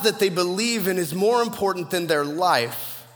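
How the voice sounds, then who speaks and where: In a large hall, a pastor delivers a sermon at normal speed in a high-sitting male voice. He tells a funny story with humor, acting out the voices of the people in it.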